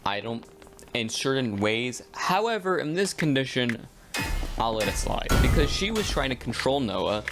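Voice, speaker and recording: A young man telling a school story in a casual, rambling way while gaming, slipping into quick voiced quotes. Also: mid-range voice, big pitch swings, over loud music. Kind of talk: casual storytime over gameplay.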